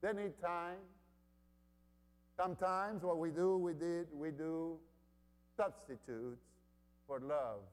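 A middle-aged man from Honduras preaching a sermon as a pastor, slow and emphatic, repeating his key phrases. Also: fairly high pitch, steady tone. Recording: long hall reverb.

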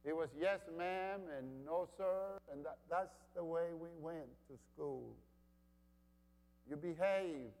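A middle-aged man from Honduras delivers a sermon at an unhurried, deliberate pace, leaning on repetition to drive his points home. His voice sits somewhat high for a man, and a long reverb trails each phrase as if he is in a large church hall. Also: a little mellow. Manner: slow, emphatic preaching with repeated phrases. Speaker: pastor.

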